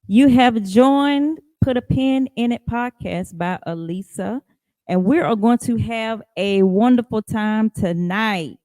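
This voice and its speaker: A woman hosting a live podcast in a casual, chatty way, greeting viewers by name and rising high in pitch for emphasis. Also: takes it slowly, mellow, no echo. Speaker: podcast host.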